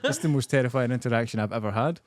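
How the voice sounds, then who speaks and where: Comedian telling a story. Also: male voice, mid-range voice, racing, no room sound, clean studio sound. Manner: animated, laughing, swearing, acts out quotes. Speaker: comedian guest. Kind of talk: casual podcast storytelling.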